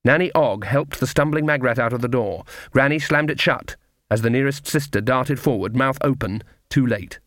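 A man's voice: mid-range voice, moderate pace, fairly bright tone, dry recording, studio quality. Man reading a fantasy audiobook. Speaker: audiobook reader. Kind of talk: scripted narration.

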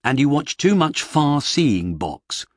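A man voicing a flustered writer who talks in a fussy, rambling, exasperated way, pitched up from his reading voice, in an audiobook. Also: sing-song, slow, no room sound, clean studio sound, heavily acted. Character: flustered middle-aged male fantasy writer.

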